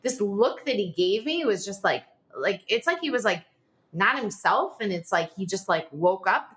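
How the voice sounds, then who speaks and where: A woman in her forties, a podcast guest telling a personal story in a rushed, animated way, full of "like" fillers. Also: mid-range voice. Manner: animated, talks in a rush with frequent "like" fillers.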